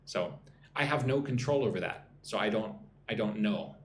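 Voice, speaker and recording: A man's voice: fairly low pitch, lively intonation, moderate pace, roomy sound, a little hiss or hum. A man teaching English on a live stream, reading chat comments and drilling pronunciation.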